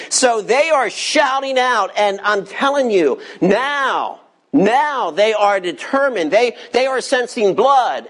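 A pastor preaching an expository sermon verse by verse. He speaks emphatically and keeps putting rhetorical questions to the congregation. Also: medium pitch.

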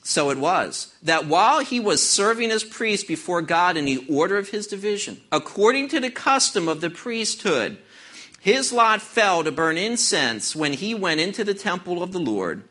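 A man in his fifties preaching a sermon as pastor, telling stories with lively delivery and reading scripture aloud. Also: high-pitched. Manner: animated storytelling, plays out voices in jokes.

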